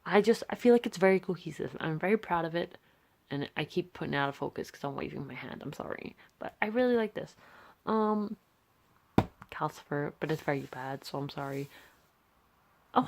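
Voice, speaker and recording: A woman's voice: on the low side, vocal fry. A young British woman talking casually through her sketchbook, chatty and self-deprecating, rambling between pages on a phone camera. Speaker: vlogger.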